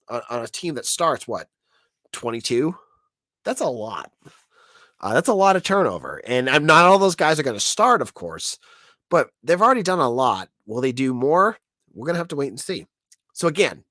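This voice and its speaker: A man's voice: medium pitch, no room sound, studio quality. A man hosting a sports podcast with a sick, nasal voice, chatting casually and often restarting his sentences. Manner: lively, restarts often, speaks straight to the audience. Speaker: podcast host.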